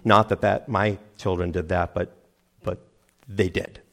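A middle-aged man preaching a sermon, animated, acting out crowd voices and laughing at himself. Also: low-pitched, a little slow, gravelly. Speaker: pastor.

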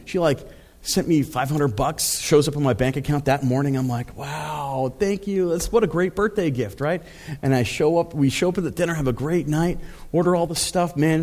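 Male pastor, mid-pitched, casual storytelling sermon delivery full of fillers. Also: darkish tone, breathy edge. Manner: conversational storytelling with frequent fillers and laughs.

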